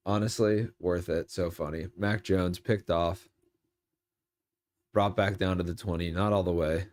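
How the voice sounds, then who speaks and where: Young male streamer, slightly low voice, casual rambling football commentary, jokey, erupts at big plays. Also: fairly even intonation, unhurried, a little mellow.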